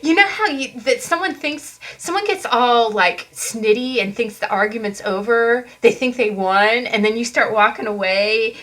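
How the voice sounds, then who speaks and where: A woman doing a casual tarot card reading for viewers, animated and sassy, laughing often and cussing freely. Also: fairly high pitch, normal speed, hardly any pauses, poor audio. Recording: background hiss from mic fault.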